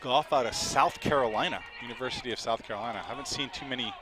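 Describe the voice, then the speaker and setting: A man doing live play-by-play commentary, chatty and quick to laugh, with an outdoor crowd behind him. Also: mid-range voice.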